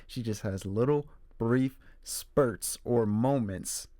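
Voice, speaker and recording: A man's voice: mid-range voice, takes it slowly, dry recording, studio quality. A young adult man hosting his own movie show, casually and animatedly retelling scenes from a film. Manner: animated retelling, acts out character quotes. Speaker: movie reviewer host.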